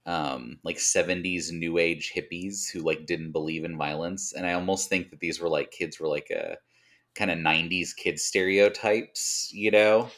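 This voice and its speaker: A man's voice: low-pitched, steady tone, normal speed, a bit bright. A man co-hosting a podcast, chatting casually and rambling, with lots of hedges and likes. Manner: rambling, hedging, with many likes. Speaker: podcast co-host. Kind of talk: casual chat.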